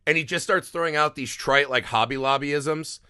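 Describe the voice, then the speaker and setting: A man's voice: fairly high pitch, normal speed, clean tone, no echo, clean studio sound. A man co-hosting a podcast, chatting casually and profanely about a film and acting out lines from it. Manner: profane, animated, acts out quotes from the film. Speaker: podcast co-host. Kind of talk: casual film review chat.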